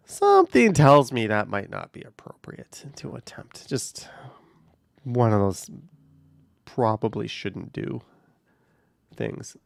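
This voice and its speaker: A man hosts a casual livestream from behind the wheel, reading viewer comments and answering in an offhand, rambling way. His voice has a gravelly edge and sits at an ordinary male pitch. The sound is dry, as if picked up inside a car. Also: dry recording. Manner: offhand, rambling, hedges with "I don't know". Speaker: livestream host. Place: in a car while driving on a highway. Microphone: camera on a car mount.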